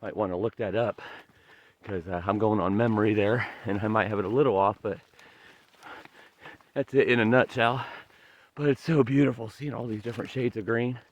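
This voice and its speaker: Emotional low-voiced thru-hiker vlogging. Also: male voice, fairly even intonation, moderate pace, long pauses, dry recording, low-quality recording. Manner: emotional, earnest, rambling. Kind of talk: casual trail vlog. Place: forest trail outdoors.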